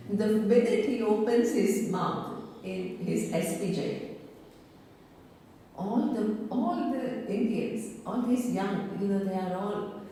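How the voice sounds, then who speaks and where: A woman's voice: medium pitch, warm tone, a little hiss or hum. Woman teaching in an echoey hall. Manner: conversational, rhetorical questions. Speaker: Vedanta teacher. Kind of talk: seminar lecture. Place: seminar hall in South India. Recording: distant mic, echoey hall.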